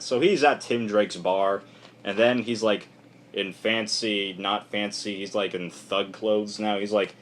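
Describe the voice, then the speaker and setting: A man's voice: on the low side, fairly even intonation, unhurried, slight background noise. A young man giving a casual, rambling spoken review with frequent fillers and restarts. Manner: rambling, loose and offhand, lots of "like" and restarts. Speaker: comic book reviewer.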